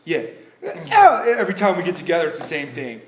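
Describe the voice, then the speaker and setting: A man's voice: a little high, big pitch swings, fast talker, roomy sound, a crowd in the background. A man co-hosting a podcast in casual chat, joking and swearing freely. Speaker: podcast co-host.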